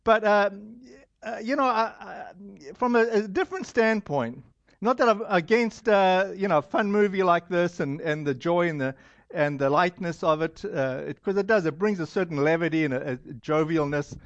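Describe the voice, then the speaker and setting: A man's voice: sits high, moderate pace, no echo. A man with a non-American accent preaching a sermon to a congregation in a loose, rambling way, full of fillers and restarts. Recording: dull lo-fi sound.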